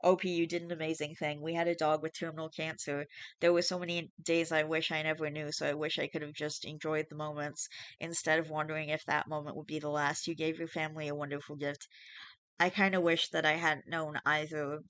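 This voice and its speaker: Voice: medium pitch, flat delivery, a little fast, a bit bright. A young adult YouTuber reading Reddit posts aloud and reacting in a rambling, chatty way, full of fillers and casual swearing.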